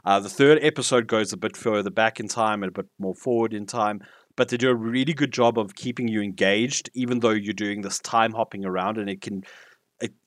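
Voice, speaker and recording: A man's voice: on the low side, fairly even intonation, fairly quick, no room sound, clean studio sound. A man co-hosting a podcast, chatting enthusiastically about a TV series with frequent fillers and restarts. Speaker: podcast co-host reviewing TV. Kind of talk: casual podcast chat.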